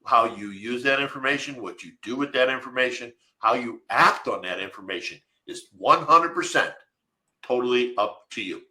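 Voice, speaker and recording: A man's voice: mid-range voice, animated, normal speed, pushed and bright, echoey room, low-quality recording. A man co-hosting a live webinar, answering viewer questions from the chat in an emphatic, direct way. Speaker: webinar co-host.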